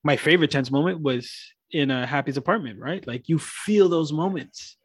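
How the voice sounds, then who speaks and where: A man's voice: on the high side, moderate pace, husky, no room sound, studio quality. A man co-hosting a casual movie chat, enthusiastic and reenacting scenes. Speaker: podcast co-host.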